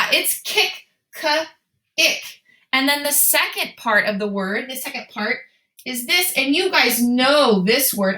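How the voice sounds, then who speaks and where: A bright, lively young woman leads a children's phonics lesson, asking her class questions and answering them herself in an encouraging, sing-song voice. Her voice rings in an echoey room. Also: a little high. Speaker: teacher.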